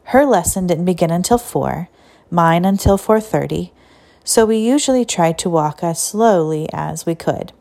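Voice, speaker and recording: A woman narrating a story in a steady, even reading voice. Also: on the low side, moderate pace, vocal fry. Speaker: audiobook narrator.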